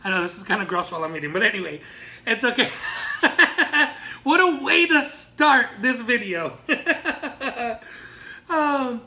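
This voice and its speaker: A woman's voice: fairly high pitch, sing-song, a little slow, bright, forceful tone. A woman vlogger chatting casually and laughing easily while she eats and reads viewer stories. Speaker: mukbang vlogger. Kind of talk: casual chat while eating.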